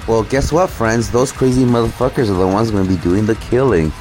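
A man's voice: fairly low pitch, a little fast, darkish tone, soft background music. A man giving profane commentary over clips, with crude, sneering rants. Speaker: commentary host.

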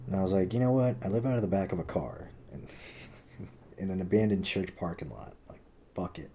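A man with a low voice tells a long personal story in loose casual chat. He swears constantly, leans on "like," and bumps his pitch up to act out what other people said. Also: fairly quick, warm tone, a little hiss or hum. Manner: rambling, swears a lot, heavy use of "like"; acts out quoted people with pitch jumps.

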